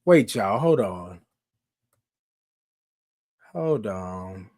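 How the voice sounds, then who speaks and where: A man's voice: lowish voice, animated, very slow, darkish tone. A man hosting a live morning show, chatting casually with viewers, talking to them directly and often repeating himself. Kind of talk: casual livestream chat.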